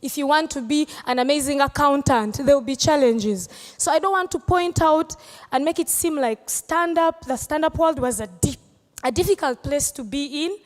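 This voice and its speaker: Woman comedian, high voice, teasing, long hall reverb. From Uganda. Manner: playful, teasing, laughs often. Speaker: comedian answering audience questions. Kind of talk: live Q&A.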